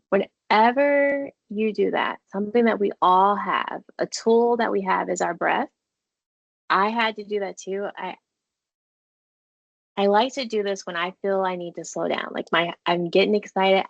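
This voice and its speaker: A woman's voice: mid-range voice, creaky, no room sound, dull audio. A woman therapist presenting a parenting webinar over a video call, walking listeners through breathing exercises in an encouraging, conversational way. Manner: encouraging, conversational, uses y'all and playful asides. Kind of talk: guided mindfulness and webinar presentation.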